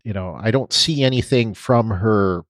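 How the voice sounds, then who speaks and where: A man with a lowish voice talks casually as a podcast co-host, trailing off and restarting his thoughts. The sound is dry and close. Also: normal speed, dry recording. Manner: rambling, hesitant, many restarts. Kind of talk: casual chat.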